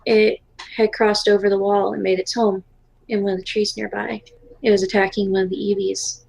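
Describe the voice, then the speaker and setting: A woman playing a quiet, blunt young boy in a tabletop game, with a husky, gravelly voice. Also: mid-range voice, little pitch movement, normal speed, poor audio.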